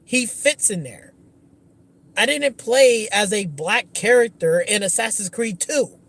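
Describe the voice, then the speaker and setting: A man hosting a gaming livestream, ranting angrily with lots of swearing and restarts. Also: high voice. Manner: angry, profane, repetitive restarts. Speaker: gaming channel host. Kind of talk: livestream rant.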